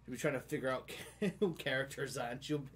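A man's voice: medium pitch, quick pace, fairly bright tone, slight background noise. A man with a Boston accent hosting a casual podcast, telling stories and laughing often. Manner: giggly, laughs between stories. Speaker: podcast host.

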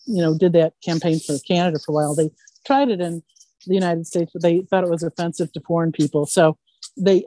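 A woman voice actress who tells animated stories in a casual interview and keeps asking "right?". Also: lowish voice, no room sound. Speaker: voice actress guest.

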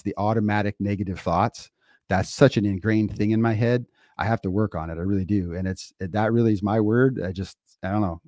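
Male co-host, low voice, earnest and emphatic, dry close mic. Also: darkish tone, dry recording. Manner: earnest, emphatic, lays out points in lists. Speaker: podcast co-host. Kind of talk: casual podcast chat.

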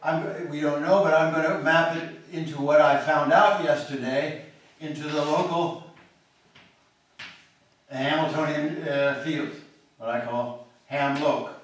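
His voice a little high and steady, this male mathematics professor takes his time and pauses often as he thinks aloud in a university lecture, restarting and checking with "okay?". Recorded on a distant room mic in a large, very echoey hall, he sounds far away over faint noise.

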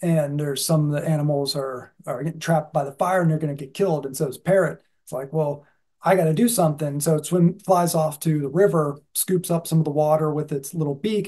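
A man giving a casual Zen dharma talk as the teacher, folksy and halting, with many "uh"s and "um"s as he gathers his thoughts. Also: a little high, dark tone.

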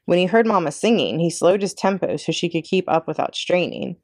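A librarian woman reading a children's chapter book aloud with expressive narration. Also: on the low side, fairly quick, no echo, studio quality. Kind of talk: read-aloud storybook narration.

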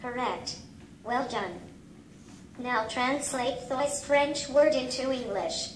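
Robot tutor, female synthetic voice, slow and high-pitched, polite fixed phrases, echoey room. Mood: patient. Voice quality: flat, evenly paced robotic speech. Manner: repeats the same set phrases. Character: small humanoid robot language tutor, polite and patient. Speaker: language tutor. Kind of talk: synthesized speech. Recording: echoey room with faint noise.

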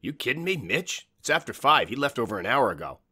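A man voicing a gruff, teasing middle-aged mechanic with a deep voice. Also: very animated, brisk, bright, forceful tone, full character voice.

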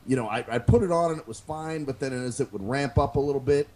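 Quick-paced and medium in pitch, a man co-hosts a podcast full of casual swearing. Animated in his storytelling, he curses freely and acts out the things people said.

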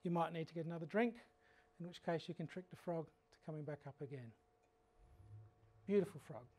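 An Australian man giving a frog identification workshop, telling lively, humorous stories and explaining frog behaviour. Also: on the high side, brisk. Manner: animated anecdotal storytelling. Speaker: frog educator. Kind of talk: workshop lecture.

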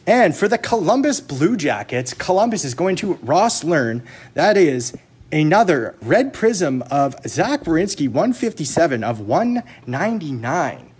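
A man's voice: on the high side, big pitch swings, unhurried, a little mellow, husky. Chatty man hosting a card break. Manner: chatty, joking, teasing viewers, rattling off card names. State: jittery from too much caffeine. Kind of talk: casual live-stream chat.

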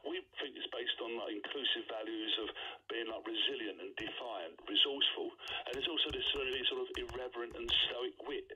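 A man's voice: medium pitch, a little fast, pushed and bright, husky, muffled recording. A man, a guest in casual radio chat, talking earnestly with many restarts.

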